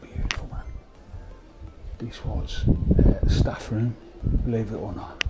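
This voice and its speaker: A man with a fairly low voice speaks unhurriedly while exploring an abandoned old building as an urban explorer vlogger. His commentary comes as sweary, half-whispered, matter-of-fact asides, with loud music and background noise behind him.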